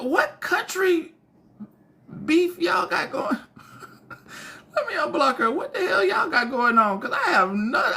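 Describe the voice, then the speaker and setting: A woman's voice: extremely high pitch, bright, forceful tone. A woman hosting a casual livestream, reacting with laughter and bewildered repeated questions. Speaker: livestream host.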